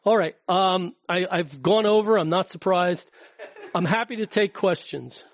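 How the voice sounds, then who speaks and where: A man's voice: high voice, measured pace, dry recording. Chatty man giving a rambling talk. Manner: rambling, chatty, frequent fillers and restarts. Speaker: guest speaker. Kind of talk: informal public talk with slides.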